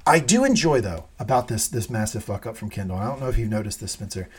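Here a man with a lowish, expressive, slightly rough voice talks fast as a podcast co-host. In a casual TV recap, he goes through the episode animatedly, cursing frequently and dramatizing the dialogue he quotes.

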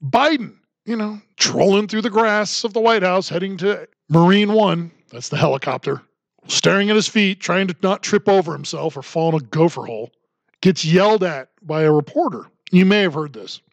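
A man's voice: high voice, animated, moderate pace, creaky, dry recording. A man hosting a solo commentary podcast, talking in a sarcastic, ranting way. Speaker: podcast host.

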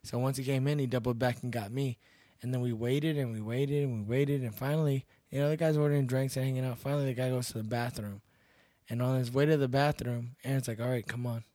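A man's voice: mid-range voice, steady tone, fast, mellow, no room sound, studio quality. Blunt, laid-back man from Texas. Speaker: podcast guest, bouncer and MMA fighter. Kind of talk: casual storytelling chat.

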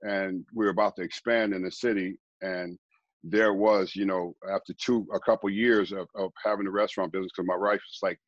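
A middle-aged man, a guest preacher, telling his life story in a rambling, quiet way, often repeating words. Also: deep voice, fairly even intonation, fairly quick, no room sound, highs cut off. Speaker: guest, former baseball player turned preacher. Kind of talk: conversational storytelling.

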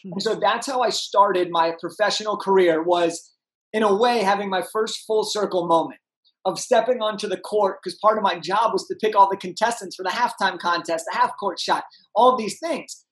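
Energetic young man telling a story. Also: high-pitched, moderate pace, low-quality recording. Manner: animated, acts out voices in his anecdotes. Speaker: guest. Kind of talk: energetic storytelling in a podcast interview.

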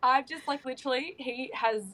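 A woman's voice: high-pitched, a little fast, a bit bright, rough recording. A woman, chatting as a podcast guest, gushing and emotional, with many restarts and fillers. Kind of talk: casual chat.

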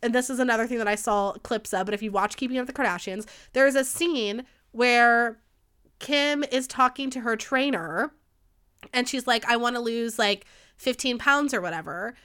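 A young woman hosting a podcast, ranting in a casual, profane, gossipy way with fast bursts and a lot of heat. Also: fairly high pitch, fairly bright tone, clear, resonant tone. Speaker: podcast host. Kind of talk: casual solo podcast rant. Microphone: studio microphone.

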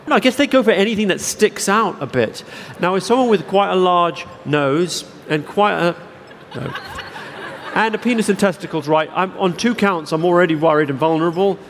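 A man's voice: high voice, normal speed, fairly bright tone. Rambling self-mocking man on a theatre stage. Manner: rambling, self-deprecating storytelling with many restarts. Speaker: keynote speaker. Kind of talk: live stage anecdote and Q&A. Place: large theatre with audience. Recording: reverberant hall, faint background noise.

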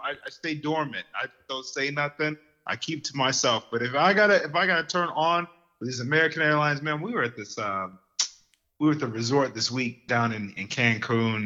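A man telling lively stories in casual podcast chat, getting worked up as he goes. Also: medium pitch, muffled recording. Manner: animated storyteller who gets worked up.

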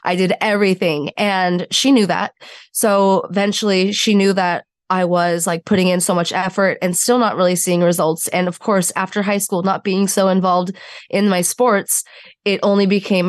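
A woman's voice: medium pitch, no echo, studio quality. A woman in her twenties, a podcast guest telling her story candidly and acting out the voices of people in it. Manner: animated storyteller acting out quotes.

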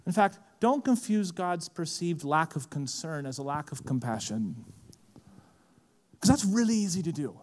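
A man preaching a sermon, swinging from quiet, low asides to impassioned, rising appeals. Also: sing-song, moderate pace. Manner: impassioned, rising to shouts then dropping low. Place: large event hall.

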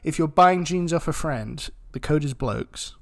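A man co-hosting a podcast, trading playful deadpan jokes and fake sponsor reads. His voice sits a little high and has a gravelly edge. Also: measured pace. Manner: playful, deadpan mock-ad riffs. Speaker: podcast co-host. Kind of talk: casual podcast chat.

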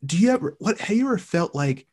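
A male podcast host with a husky, slightly breathy voice, pitched a bit high. He speaks eagerly and casually, often stumbling and restarting his sentences. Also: big pitch swings, fast talker, darkish tone. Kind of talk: casual interview.

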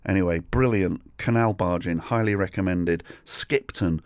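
Low-voiced, sweary podcast host. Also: male voice, moderate pace, no room sound. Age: middle-aged. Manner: rambling, sweary, self-deprecating anecdotes. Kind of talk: solo comedic storytelling.

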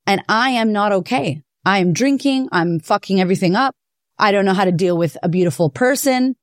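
Woman, podcast host, confessional monologue, blunt and swearing, mid-pitched, dry close sound. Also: a little fast, no room sound. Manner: candid, profane, animated storytelling.

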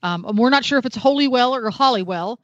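A woman's voice: a little high, animated, rapid-fire, no echo, highs cut off. A woman reviewing a product on a radio talk show, chatty and detailed, with self-deprecating humor.

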